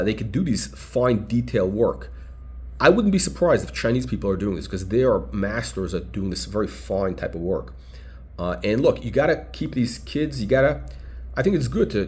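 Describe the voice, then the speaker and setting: A man's voice: medium pitch, darkish tone. Rambling, blunt male watch reviewer. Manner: rambling, blunt, full of hesitations and restarts. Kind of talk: casual unscripted review.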